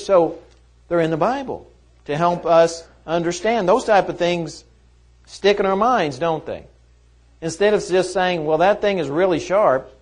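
A man teaching a Bible lesson in a conversational way, often asking rhetorical questions. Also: fairly high pitch.

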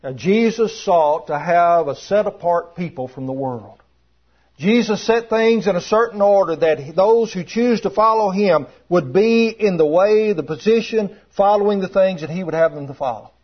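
A man's voice: high-pitched, expressive, normal speed. A man preaching a sermon to a congregation, emphatic and repeating his key phrases. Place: church room with congregation. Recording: dull lo-fi sermon recording.

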